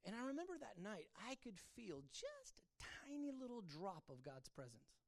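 A man preaching a sermon, telling his own story, his voice swinging from hushed to loud. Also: sits high, huge pitch swings, normal speed, gravelly. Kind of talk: sermon testimony.

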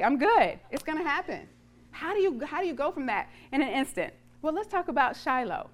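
Woman preacher, sermon, dramatic storytelling, humorous, fairly high pitch.

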